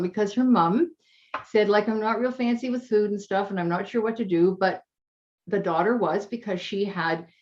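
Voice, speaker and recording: Female coach, interview guest; warm storytelling, emotional, slightly dull recording. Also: medium pitch. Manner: chatty, emotional, gets teary. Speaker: health coach.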